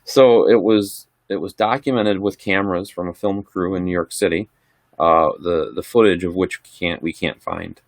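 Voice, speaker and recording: On a livestream, a middle-aged man chats casually and answers viewer questions in a rambling, laid-back way. His voice sits low and moves at a normal speed. The recording is studio quality with no room sound.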